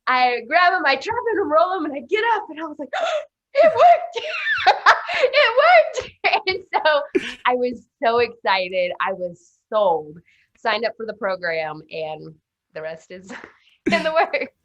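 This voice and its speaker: A young woman from Arkansas chats as a guest, her voice sitting a little high. She tells stories with animated energy and laughs often. The sound is dull and lo-fi. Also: measured pace, a little hiss or hum. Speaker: guest, self-defense instructor. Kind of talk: casual interview storytelling.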